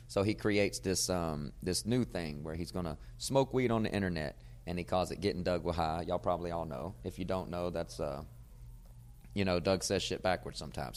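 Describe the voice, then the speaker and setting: A man, a comedian hosting his podcast, telling a casual, profane story and getting loud when he acts out old arguments. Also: low-pitched. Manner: profane, animated storyteller who gets loud acting out arguments.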